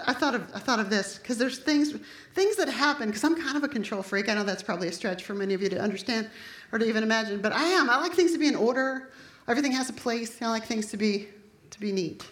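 A woman preaching a sermon, impassioned and building to forceful declarations. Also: fairly high pitch, roomy sound.

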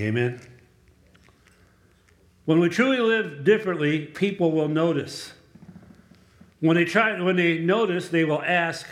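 Speaking in a slightly high voice, a male pastor and chaplain preaches in church, telling conversational stories and asking the congregation for amens. The sound is reverberant.

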